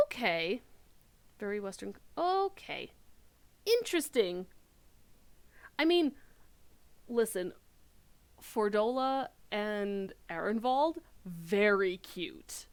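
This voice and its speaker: A woman game streamer chatting casually while she plays, excitable and rambling, full of fillers and quick bursts. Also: mid-range voice. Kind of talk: casual chat while playing.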